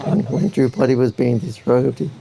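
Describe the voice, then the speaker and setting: A man's voice: mid-range voice, creaky, dark tone, slightly rough. An older man giving an anecdotal spiritual talk to devotees, chuckling often as he tells his stories.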